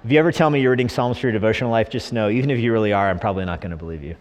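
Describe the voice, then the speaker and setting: Joking pastor preaching in an echoey hall. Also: male voice, lowish voice, rapid-fire. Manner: humorous, animated preaching with mock voices. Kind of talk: sermon. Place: church sanctuary.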